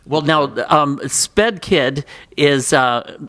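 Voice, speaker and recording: A man's voice: fairly high pitch, slow, a bit bright. A man hosting an interview, reacting with exclamations and short prompts. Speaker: host.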